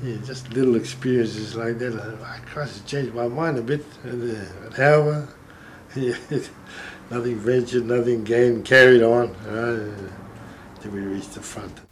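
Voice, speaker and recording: A man's voice: medium pitch, steady tone, measured pace, a little hiss or hum, low-quality recording. An older man, a war veteran, telling a war story in a loose, chatty way with fillers. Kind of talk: reminiscing interview.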